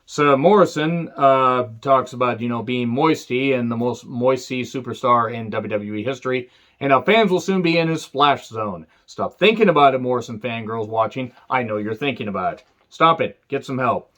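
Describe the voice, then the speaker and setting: A man reviewing a wrestling show in a casual, profane rant, sarcastic and dry, with sudden sharp outbursts. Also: medium pitch, moderate pace.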